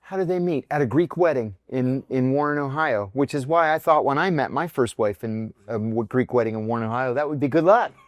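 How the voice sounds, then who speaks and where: A man's voice: medium pitch, a little fast, few pauses, no room sound. A middle-aged man from near Pittsburgh, a podcast guest telling vivid personal stories and acting out the voices of people in them. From near Pittsburgh, United States. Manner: vivid anecdotes, acts out quoted voices. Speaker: podcast guest, former intelligence officer. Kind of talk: candid storytelling in conversation.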